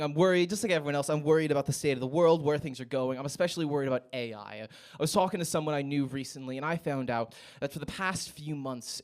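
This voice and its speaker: A young American man performing a stand-up set in a comedy club, with a wry, self-mocking delivery. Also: on the high side.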